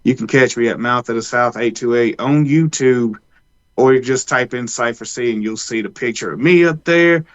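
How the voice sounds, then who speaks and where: A man's voice: mid-range voice, moderate pace, lo-fi sound. A man co-hosting a podcast, rambling loosely with frequent restarts. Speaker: podcast co-host. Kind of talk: casual chat.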